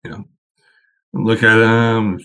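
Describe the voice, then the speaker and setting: A man's voice: fairly low pitch, flat delivery, slow, fairly bright tone. A man, a guest on a podcast, chatting casually and telling long, rambling anecdotes.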